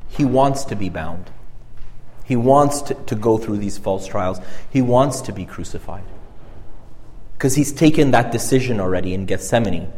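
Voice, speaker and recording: A man preaching a conversational sermon, earnest and halting, often repeating and restarting his phrases. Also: mid-range voice, mellow. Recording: reverberant hall.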